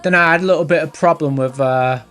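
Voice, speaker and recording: A man's voice: a little high, quick pace, a bit bright. Chatty man with music behind. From England. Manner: chatty, reads out viewer comments with many fillers. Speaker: livestream host. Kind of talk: casual live-stream chat. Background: faint background music.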